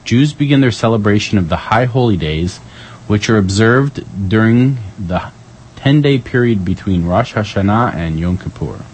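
A man's voice: lowish voice, moderate pace, a little hiss or hum, low-quality recording. A man hosting a community radio show, chatting casually and jokily as he reads out the day's events. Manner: playful, jokey, reading calendar items with lively ups and downs.

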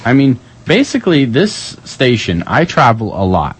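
Husky and medium-pitched, a community radio host reads through calendar items at a moderate pace, keeping it jokey and casual with lively shifts in tone. The recording sounds rough.

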